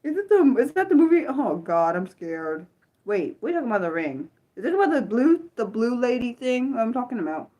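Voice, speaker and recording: A young woman hosting an unscripted livestream, chatting to her viewers with animated restarts and repeated exclamations, easily spooked. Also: fairly high pitch, a little fast. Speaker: livestream host. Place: her room.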